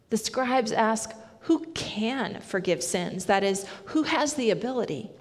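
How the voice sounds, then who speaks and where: A woman preaching a sermon in a slow, measured, reflective way. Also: mid-range voice. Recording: long hall reverb.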